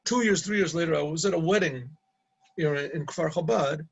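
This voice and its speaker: A middle-aged man, a rabbi, casually telling an anecdote, halting and repeating words and laughing at his own story. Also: on the high side, creaky, husky, low-quality recording.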